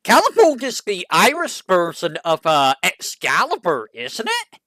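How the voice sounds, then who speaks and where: A VTuber streamer chatting casually, musing aloud, asking itself questions and reading character bios haltingly. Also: medium pitch, huge pitch swings, pushed and bright, no echo. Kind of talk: casual stream chat, browsing game characters.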